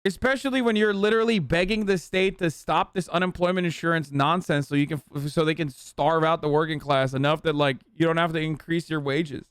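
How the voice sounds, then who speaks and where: A man's voice: on the high side, fairly even intonation, a little fast, few pauses, smooth, no echo, clean studio sound. A man in his thirties streaming live, reacting with blunt, mocking, profane commentary.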